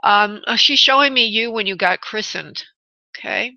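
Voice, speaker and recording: A bright, crisp-sounding woman gives a psychic reading over the radio, speaking gently to the caller. Her voice is close and dry, with a slightly dull, muffled broadcast sound. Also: medium pitch, animated, normal speed, no echo. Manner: soothing, calls caller honey and sweetheart. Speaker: psychic medium radio host. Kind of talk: live call-in reading. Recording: muffled radio phone-in audio.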